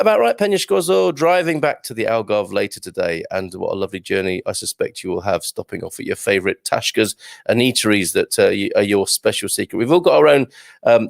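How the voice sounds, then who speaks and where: A man's voice: medium pitch, vocal fry, no room sound, clean studio sound. Chatty man hosting a live stream. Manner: chatty, self-deprecating, reads out viewer greetings. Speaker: livestream host. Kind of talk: casual live chat reading viewer comments. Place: home with builders working on the roof.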